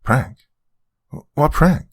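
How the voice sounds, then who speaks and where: A man's voice: medium pitch, wildly swooping pitch, moderate pace, husky, no echo, studio quality, voice pushed up, exaggerated voice. A man doing a hasty, fake-innocent mom. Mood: feigned. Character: nervous, fake-innocent young mother.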